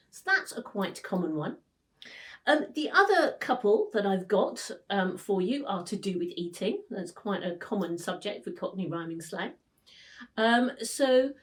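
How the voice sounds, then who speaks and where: A woman's voice: mid-range voice, recorded from a distance. A woman, patiently explaining slang to learners as their teacher. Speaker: English teacher.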